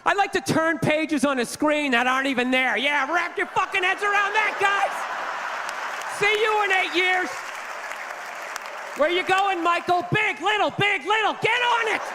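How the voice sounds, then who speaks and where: A man's voice: extremely high pitch, normal speed, a loud crowd, heavy background noise, pitched above the performer's own voice. A man on a comedy stage impersonating a smug male tech boss in a breezy, commanding manner. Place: comedy stage before a live audience.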